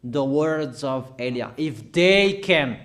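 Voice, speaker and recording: Male preacher, higher voice, slow and emphatic sermon delivery. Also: lively intonation, fairly bright tone. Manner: slow, emphatic proclamations in short phrases.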